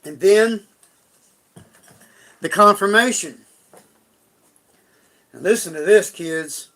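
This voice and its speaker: A man's voice: high voice, slow pace, pushed and bright. A middle-aged man on a live stream, telling a personal story in a folksy, rambling way with frequent restarts.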